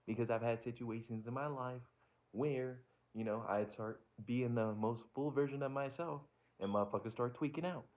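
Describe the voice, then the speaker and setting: Speaking at a moderate pace in a medium-pitched, somewhat dark voice, a vlogger rambles through his thoughts in a candid, profane, reflective monologue. It's casual, and the sound is dull and lo-fi.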